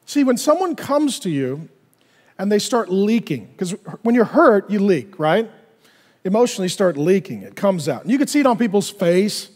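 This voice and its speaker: Animated high-voiced male preacher. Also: normal speed, long reverb tail. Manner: animated, acts out little dialogues in other voices. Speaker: pastor. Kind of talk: sermon.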